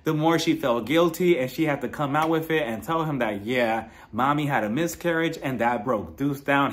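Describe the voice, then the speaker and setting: Animated male reality-TV reviewer. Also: on the high side. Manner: animated storytelling, acts out quotes. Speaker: TV show reviewer. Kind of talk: casual recap commentary.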